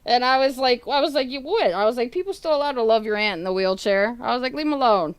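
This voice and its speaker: Woman streamer, casual and profane, smooth clear voice, dry close mic. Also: on the high side, fast talker, no echo. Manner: laughing, swearing, retelling chats with friends and family. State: coughing. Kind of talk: casual livestream chat.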